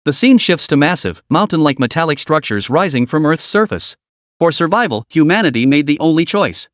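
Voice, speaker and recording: Guy reading a web novel out loud, kinda high voice, dry close mic. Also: a little fast, no echo. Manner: lively storytelling, brief shifts for quoted characters. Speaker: narrator. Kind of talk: scripted audiobook narration.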